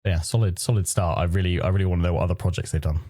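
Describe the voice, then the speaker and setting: A man's voice: sits low, steady tone, very fast, warm tone, no echo, studio quality, faint music behind. A man from the UK co-hosting a podcast, chatting casually and playfully, often restarting his sentences. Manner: rambling, self-interrupting, playful. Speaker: podcast co-host. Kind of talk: casual chat reviewing desk setups.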